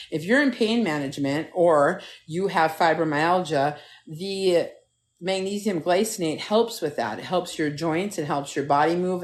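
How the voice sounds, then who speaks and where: A middle-aged woman hosting a live stream from a phone at home, chatting casually and telling stories with lots of swearing, talking straight to her viewers. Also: deep voice. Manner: animated, profane, talks straight to viewers. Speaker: TikTok live host.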